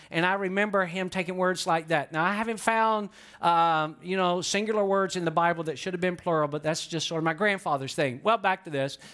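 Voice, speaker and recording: A man's voice: high-pitched, a bit bright. A man preaching a sermon in a conversational, explanatory way, putting questions to the congregation. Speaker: pastor.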